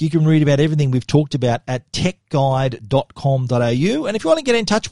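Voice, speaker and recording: A man's voice: on the high side, expressive, a little fast, hardly any pauses, darkish tone, dry recording. A man with an Australian accent hosting a tech podcast in an upbeat, chatty way, with frequent fillers and restarts. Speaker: podcast host. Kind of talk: casual podcast talk.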